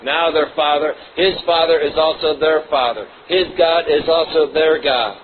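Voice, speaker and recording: A pastor delivers a sermon, reading scripture aloud and then explaining it with personal asides. His voice is a little high, with a steady, unhurried tone. The audio is muffled and phone-like, with a faint hiss.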